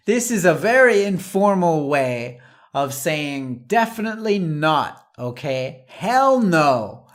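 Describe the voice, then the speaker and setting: Patient and unhurried, an English teacher leads learners through everyday phrases in a middle-pitched voice. Examples are delivered slowly and repeated, with an occasional light laugh between points.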